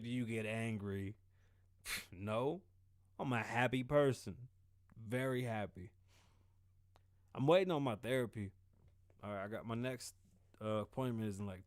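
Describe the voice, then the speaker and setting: A man hosting his own show alone, talking casually into a close mic in a profane, animated way and laughing often. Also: medium pitch, no room sound. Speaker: podcast host. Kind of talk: solo casual monologue.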